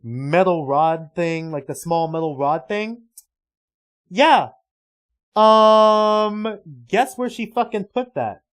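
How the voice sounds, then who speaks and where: A man's voice: fairly high pitch, measured pace, hardly any pauses, darkish tone. A man livestreaming casual reaction commentary, rambling and swearing heavily in an exasperated way.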